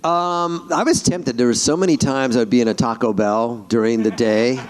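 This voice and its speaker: A man, a voice actor on a convention panel, telling animated stories and jumping into character voices mid-story. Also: mid-range voice, normal speed, clear, resonant tone.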